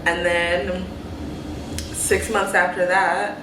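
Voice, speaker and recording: A woman's voice: fairly low pitch, very slow, distant mic, background noise. A young woman chatting casually about motherhood, telling stories with lots of laughter and slangy asides. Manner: animated storyteller, laughs often. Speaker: host. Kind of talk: casual chat. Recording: roomy sound with music behind.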